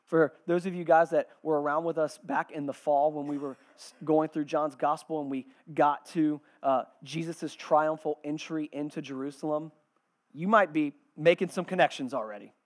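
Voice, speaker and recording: High-voiced man preaching with dynamic swells. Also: steady tone, normal speed. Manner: dynamic preaching, swells loud then drops to a hush. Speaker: pastor. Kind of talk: sermon.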